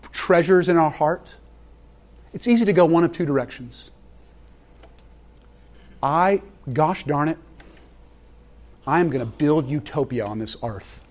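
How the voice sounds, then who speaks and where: A male pastor delivering a conversational sermon in a fairly high voice. His pitch swoops widely as he acts out little voices and asides, and he laughs often along the way.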